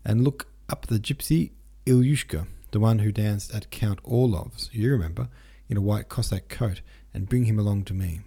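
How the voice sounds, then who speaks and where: A man's voice: lowish voice, normal speed, gravelly, hardly any pauses, mellow, slightly rough. A man reading an audiobook, voicing a fussy, flustered old count who gives orders with many exclamations.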